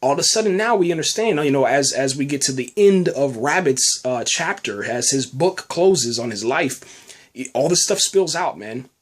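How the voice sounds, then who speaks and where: A man's voice: mid-range voice, lively intonation, normal speed. Rambling man, casual podcast review. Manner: rambling, many fillers and restarts, says "man" often. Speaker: podcast host reviewing a TV episode.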